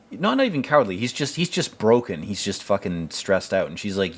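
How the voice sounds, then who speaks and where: A man giving casual, rambling film commentary, swearing often and growing excited about scenes he loves. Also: lowish voice, brisk, few pauses, slightly rough. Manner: rambling, profane, enthusiastic.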